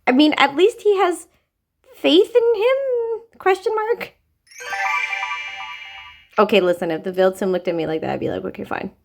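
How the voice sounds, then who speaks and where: A woman's voice: mid-range voice, normal speed, creaky, long pauses, faint music behind. A woman giving casual, giggly commentary while playing a game, gushing over how cute it is. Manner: giggly, gushing, excitable reactions. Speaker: gaming video creator.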